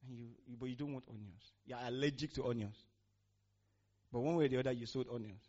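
A man's voice: mid-range voice, quick pace, darkish tone. A man preaching a sermon, using call-and-response with the congregation. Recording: muffled lo-fi recording.

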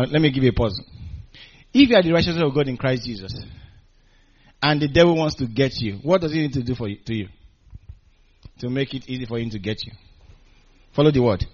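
Lively preacher man, lo-fi sound. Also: mid-range voice. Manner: animated, call-and-response with congregation; chuckles often between points. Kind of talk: sermon. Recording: dull lo-fi recording.

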